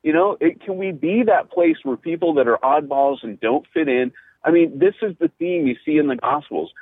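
A middle-aged man, a pastor and podcast host, telling stories in casual chat, animated and full of "you know" and restarts. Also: fairly high pitch, moderate pace, creaky, husky, no room sound. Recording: tinny phone-like line, dry.

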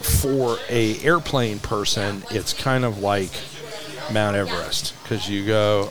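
A man who runs a museum, a podcast guest telling a lively story in a casual way, acting out what people said and laughing often. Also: fairly low pitch, slow pace. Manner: animated, acts out dialogue, laughs often.

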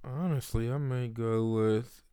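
A man chats casually about movies, hesitating and thinking aloud, often trailing into soft laughs. His voice is smooth and clean. It sounds dry and close, with no room around it. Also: mid-range voice, steady tone, unhurried, dry recording. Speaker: co-host. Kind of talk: casual chat.

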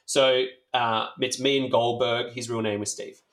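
An Australian man telling a rambling, animated story in casual chat, swearing freely and leaning on fillers. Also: mid-range voice, unhurried. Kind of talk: casual anecdote.

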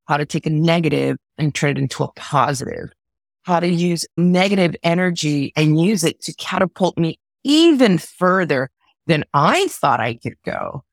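Casting note: woman from southern california, earnest, halting delivery, dry close sound. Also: low voice, dry recording. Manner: earnest, halting, repeats words when moved. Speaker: guest, orchestra conductor. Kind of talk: personal storytelling in an interview.

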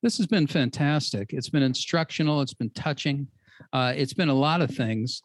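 A woman hosting a talk show, earnest and encouraging, with some halting restarts. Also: sits low, no echo, studio quality. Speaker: host.

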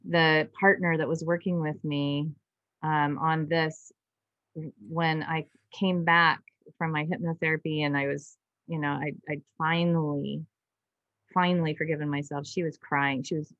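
A woman with a lowish voice recounts her story on a podcast, earnest and emotional, circling back and restarting as she talks. The sound is dry and a little dull, like a modest home setup. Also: a bit bright, no room sound. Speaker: guest doctor. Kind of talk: personal storytelling in a podcast interview.

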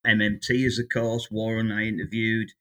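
A man's voice: on the low side, flat delivery, moderate pace, a bit bright. An English man in his sixties, a guest economist telling stories in a chatty, anecdotal way during a casual interview. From England.

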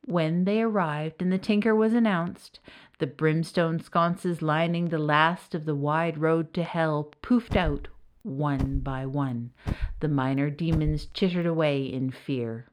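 Woman narrator, lively storybook reading. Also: deep voice, takes it slowly. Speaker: narrator and author.

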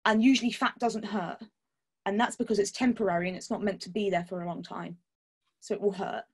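A woman's voice: mid-range voice, fairly even intonation, a little fast, darkish tone, breathy edge. A woman chatting candidly as a podcast guest, laughing often and swearing casually. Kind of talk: casual chat.

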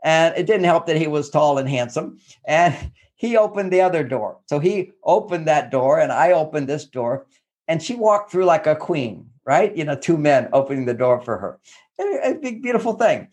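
A man giving relationship advice through lively personal anecdotes, acting out what people said. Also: fairly high pitch, moderate pace. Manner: animated storyteller who acts out quotes. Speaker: guest relationship expert.

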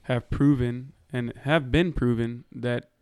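A man co-hosting a casual podcast, chatting in a relaxed way and hedging his points. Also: medium pitch, takes it slowly, clear, resonant tone, dry recording. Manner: relaxed, hedging, talks over others. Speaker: podcast co-host. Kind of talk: casual chat. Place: podcast studio.

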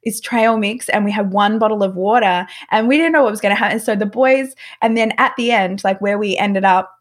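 A woman in a casual interview, recounting her travels in a lively, rambling way. Her voice sits at a middle pitch, and her sentences are full of "like" and restarts. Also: fairly quick. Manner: animated, filler-heavy with frequent "like". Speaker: podcast guest. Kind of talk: casual storytelling.

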